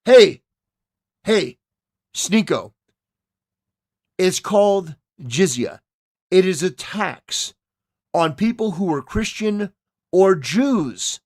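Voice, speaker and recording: High-voiced guy ranting at a clip, all over the place pitch-wise, slow and mocking. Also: lively intonation, a little mellow. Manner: mocking, indignant, talks back at the clip. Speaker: commentary host. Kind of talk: reaction commentary.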